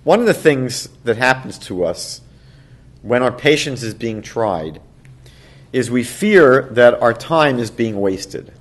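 A man, a rabbi, teaching a class; he tells a story and acts out its people in raised, excited voices, with a soft laugh now and then. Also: mid-range voice, slow pace. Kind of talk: storytelling lecture.

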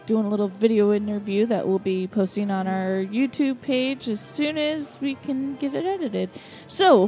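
A woman's voice: on the high side, mellow. A young woman, co-hosting a podcast and reading out show announcements in a chatty, upbeat way. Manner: chatty, upbeat, stumbles over band names. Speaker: podcast co-host.

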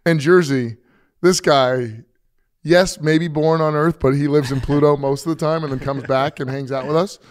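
A man co-hosting a golf podcast, telling a rambling story with excitement. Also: medium pitch, moderate pace. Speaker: podcast co-host. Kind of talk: casual chat.

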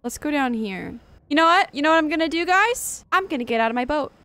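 Speaking fast with lively intonation, a woman gaming streamer in a high, somewhat bright voice delivers nervous, jumpy let's-play commentary. She swears often and lets out gasps at every scare.

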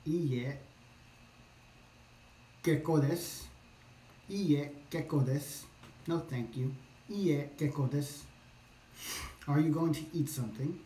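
A man practicing phrases along with a language course, repeating them slowly, thinking aloud and correcting himself. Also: on the high side, dark tone, a little hiss or hum. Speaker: language learner. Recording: echoey room.

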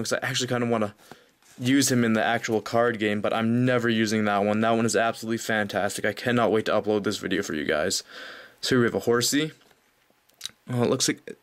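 A young man narrating a card pack opening off camera, talking casually and growing breathless with excitement. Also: medium pitch. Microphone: off-camera voice, hands at table.

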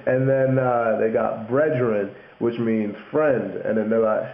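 This young man's medium-pitched voice stays steady and unhurried with hardly any pauses as he breaks down slang for his vlog. Jokey and laughing, he does mock London accents for examples, recorded in an echoey room on tinny lo-fi webcam audio.

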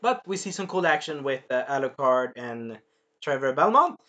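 A man casually recapping an episode, animated and swearing, acting out lines and sound effects as he goes. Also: medium pitch, moderate pace, dull audio. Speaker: show reviewer.

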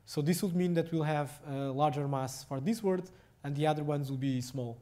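A young adult man with a Portuguese accent giving a technical lecture, speaking haltingly with many fillers and restarts. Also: a little high, dark tone.

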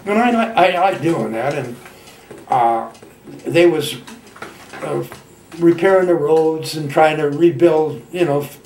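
A man in his nineties from Michigan, a veteran telling his war memories in a halting, folksy way with plain colloquial grammar. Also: fairly high pitch, a little mellow, echoey room, distant mic, slight background noise. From Michigan, United States. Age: 90s. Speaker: veteran interviewee. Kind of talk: oral history reminiscence.

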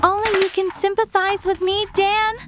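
A woman doing a squeaky gushing pick-me girl. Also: little pitch movement, normal speed, noisy background. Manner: gushing, fake-innocent, dramatic. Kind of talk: voiced storytime animation.

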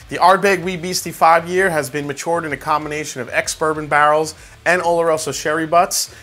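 Bright-voiced New man reviewing whiskey. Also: a little high. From New York. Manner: chatty, many fillers like "like" and "uh"; excitable tasting reactions. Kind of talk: casual tasting review.

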